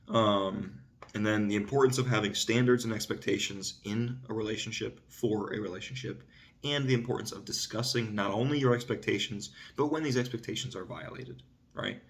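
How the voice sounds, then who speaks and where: A man hosting his own vlog, talking casually about self-improvement and often asking "right?" and saying "dude". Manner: gets louder and higher when making a point. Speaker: vlog host. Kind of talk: casual self-help monologue.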